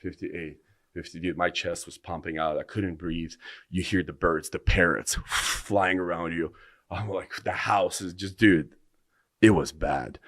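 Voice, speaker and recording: A man's voice: low-pitched, a bit bright, no room sound, clean studio sound. A man on a podcast telling a long personal story in a rambling way, full of restarts. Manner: rambling, breathless retelling with restarts. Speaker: podcast guest. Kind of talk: casual storytelling.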